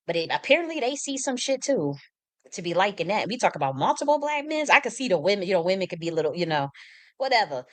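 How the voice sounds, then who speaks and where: A woman's voice: mid-range voice, big pitch swings, fast. A woman hosting a casual livestream, talking bluntly and emphatically with frequent restarts and swearing. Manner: shifts into mock-quoting herself and others. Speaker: livestream host.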